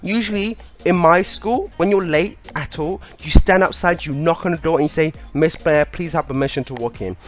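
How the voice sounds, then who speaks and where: A man's voice: on the high side, moderate pace, few pauses, natural voice. A young man voicing an indignant female substitute teacher who scolds her class. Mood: scolding.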